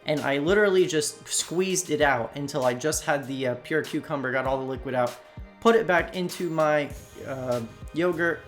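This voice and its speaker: The host of a cooking channel, a man from Slovakia, talks straight to his audience in a relaxed, chatty voiceover, calling them "you guys." Recorded apart from the video, his slightly high voice moves at a normal speed over faint background music.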